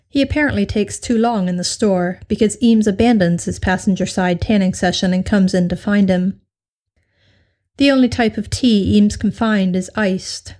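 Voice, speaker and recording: A woman's voice: medium pitch, a little mellow. Woman reading a story aloud. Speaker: story reader. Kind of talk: reading fan fiction aloud.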